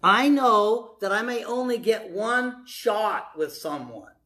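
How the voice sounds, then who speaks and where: A male pastor preaching a sermon to a congregation in church, emphatic, moving from hushed to loud. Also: sits high, expressive, slow.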